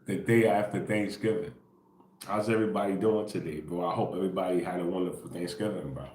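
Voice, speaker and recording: A man with a very deep, low voice talks in a relaxed, rambling way on an early-morning livestream. He keeps it quiet and casual, tacking "bro" and "right?" onto nearly every sentence, and the sound bounces around an echoey room. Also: fast. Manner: laid-back, rambling, peppered with "bro" and "right?". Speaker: spiritual livestream host.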